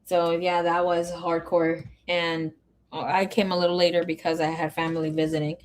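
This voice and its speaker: A woman's voice: lowish voice, level tone, moderate pace, a little hiss or hum. A woman tarot reader chatting casually on a live stream. She reads viewer comments aloud and drops Spanish words into her English. She sounds emotional and grieving.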